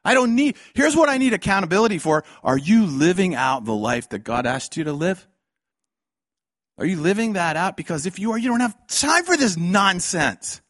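A man preaching a fiery sermon, swinging between loud outbursts and hushed lines and acting out the voices he quotes. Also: sits high, big pitch swings, normal speed, no echo, clean studio sound.

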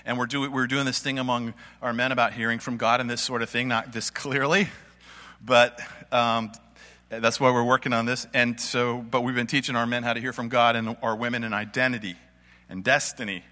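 A man gives an informal sermon in a church, his voice bright and forward. He tells his story in a loose, folksy, conversational way. A long reverb hangs after his words, as if he is in a large hall. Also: mid-range voice, level tone, a little fast. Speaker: church speaker. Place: church meeting space with audience.

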